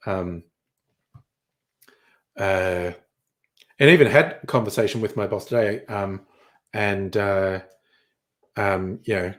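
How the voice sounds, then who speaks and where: A young man reading headlines in a casual chat, crude and sardonic, swearing freely. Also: lowish voice. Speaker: streamer.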